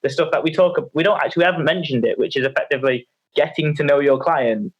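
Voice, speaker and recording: A man's voice: a little high, fast talker, slightly rough. Man telling rambling coaching stories. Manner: animated, repetitive storytelling with many restarts. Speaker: online fitness coach. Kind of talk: casual podcast chat. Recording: slightly muffled audio.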